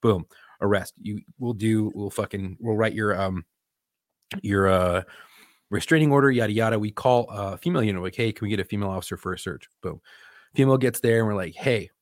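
A man's voice: lowish voice, brisk, no room sound. A young man, a police officer and podcast co-host, telling a story in casual chat with lots of swearing and acted-out quotes. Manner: profane, animated retelling with quoted voices.

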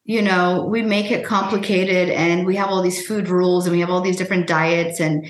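A woman who is a guest author, answering interview questions in a measured, reflective way. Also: on the low side, little pitch movement. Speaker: author and weight-loss guest. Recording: echoey room.

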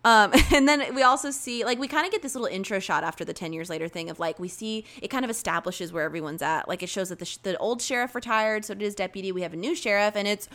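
A young woman co-hosting a casual talk show, recapping a movie with animated retellings and acted-out quotes. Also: medium pitch, fast talker, hardly any pauses. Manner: animated, acts out scenes in quoted voices. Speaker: podcast co-host.

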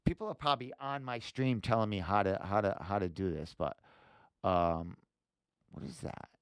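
Man, podcast host, casual, rambling, swearing, fillers, clear voice, dry close sound. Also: fairly low pitch, moderate pace, dry recording. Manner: rambling, swears often, thinks aloud with many fillers. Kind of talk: casual livestream screen walkthrough.

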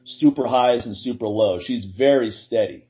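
A man's voice: medium pitch, moderate pace, lo-fi sound. A man in casual conversation, talking in an earnest, reflective and emphatic way.

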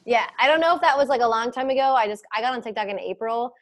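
A young adult woman hosting a casual podcast, chatting and telling stories in an animated, giggly way. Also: fairly high pitch, fast. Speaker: podcast host.

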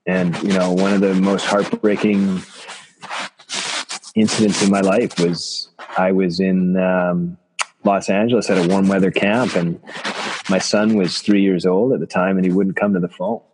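A man, a chiropractor from Canada, telling personal stories in an interview, halting and reflective with many restarts. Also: low-pitched, little pitch movement, noisy background. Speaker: guest, chiropractor.

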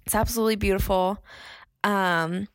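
A woman's voice: medium pitch, steady tone, moderate pace, no room sound. Chatty woman podcast co-host. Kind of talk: reading news on a podcast.

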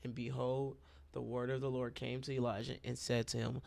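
A man's voice: medium pitch, level tone, moderate pace, vocal fry, a little mellow, dry recording. A man preaching a sermon in a conversational way, calling his listeners y'all, with an itchy throat.

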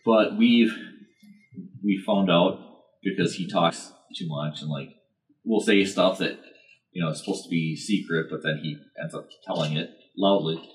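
A man's voice: low-pitched, moderate pace. A man telling a rambling story on a podcast, hesitant and full of fillers. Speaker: podcast co-host. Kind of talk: casual chat.

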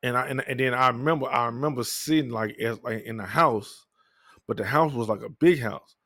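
A young man telling his life story in a candid, profane, rambling way, often low-key and downcast. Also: brisk, pushed and bright, dry recording, clean studio sound. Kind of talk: personal storytelling monologue.

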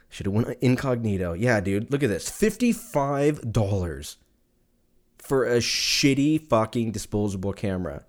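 A man's voice: lowish voice, expressive, normal speed. A man hosting his own podcast, chatting casually in a rambling, profane way and laughing often as he goes. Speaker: podcast host. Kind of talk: casual solo podcast rant. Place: lives in Texas.

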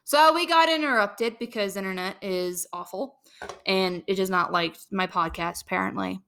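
A young woman hosts a casual podcast chat. Her voice is bright and clear, and she tells stories in an animated, chatty way. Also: medium pitch, moderate pace, slight background noise. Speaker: podcast host.

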